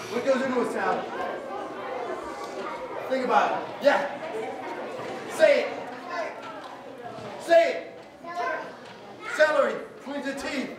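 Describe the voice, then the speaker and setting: A man telling a folk tale to schoolchildren, coaxing answers from them and drawing words out for suspense. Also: very high-pitched. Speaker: storyteller. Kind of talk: interactive storytelling for children. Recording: echoey school hall from far off. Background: children's audience.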